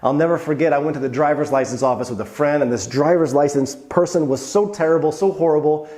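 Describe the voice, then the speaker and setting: A man's voice: on the high side, quick pace, dark tone, roomy sound. A man explaining everyday phrases in casual talk, telling personal anecdotes along the way. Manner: chatty, tells personal anecdotes. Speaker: video host explaining Polish expressions.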